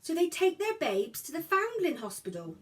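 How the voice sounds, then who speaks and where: Woman reader as tired, loving storybook mother; lively, exasperated, fond. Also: extremely high pitch, moderate pace, pitched above the performer's own voice, full character voice. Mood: fond, weary. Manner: exasperated but affectionate. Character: Victorian mother, fond, weary, teasing.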